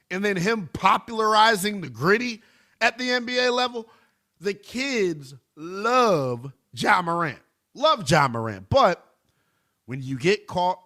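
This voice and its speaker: A male sports radio host with a lively, bouncing delivery and a bright, forceful edge to his voice. He sits in a radio studio and stays emphatic, leaning hard on his points as he takes listener calls. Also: fairly high pitch. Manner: animated, emphatic, talks to listeners as brother. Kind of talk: call-in sports radio talk.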